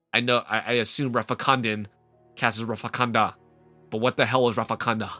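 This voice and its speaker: A man's voice: mid-range voice, no room sound. Rambling young-sounding man with faint music. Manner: rambling, animated, frequent "like" fillers. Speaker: let's play host. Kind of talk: casual gameplay commentary.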